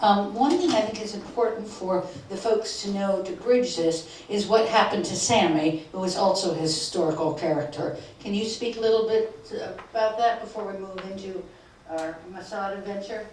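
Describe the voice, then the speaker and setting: A woman's voice: mid-range voice, moderate pace, a little mellow. A woman moderating a book lecture, explaining the format and posing questions. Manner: organized, explanatory. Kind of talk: event moderation. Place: lecture hall. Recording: echoey hall, mic from far off, faint noise.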